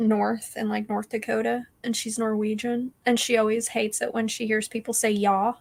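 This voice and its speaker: A woman's voice: fairly high pitch, monotone, moderate pace, vocal fry. A woman chatting casually in a book club talk, making wry joking asides. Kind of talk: casual chat.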